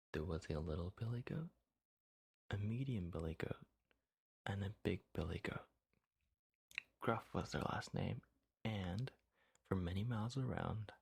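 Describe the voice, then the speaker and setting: Deep gravelly guy reading a bedtime story asmr style, soft and whispery.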